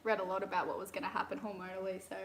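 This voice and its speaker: A woman's voice: medium pitch, level tone, very fast, a little hiss or hum. A woman co-hosting a casual livestream chat at home, chatty and giggly with lots of fillers. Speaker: sailing vlogger co-host. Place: indoors at home. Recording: echoey room.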